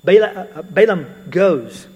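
A man with a somewhat high, husky voice preaching a sermon. He keeps it conversational and mixes in everyday stories. A long reverb of a large hall hangs on every word. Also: expressive, a little slow, mellow. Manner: conversational, storytelling asides with occasional fillers.

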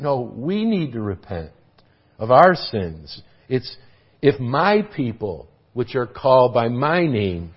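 A man's voice: mid-range voice, husky, dull audio. A man preaching a sermon as pastor, earnest and emphatic, repeating key phrases for weight, in a church hall.

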